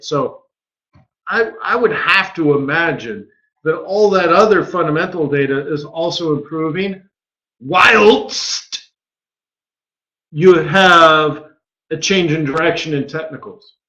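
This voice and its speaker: A man with a slightly high voice walks viewers through a live trading webinar at an unhurried pace. His delivery is casual and chatty, full of rhetorical "right?" asides. The audio is dull and lo-fi. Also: bright, forceful tone. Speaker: forex market strategist.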